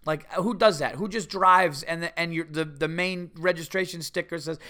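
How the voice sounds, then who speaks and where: A middle-aged man telling a rambling, animated story on his podcast, full of restarts and asides. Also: on the high side, normal speed, clean tone. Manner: rambling, animated, with many restarts and mock voices. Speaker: podcast host. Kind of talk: casual storytelling.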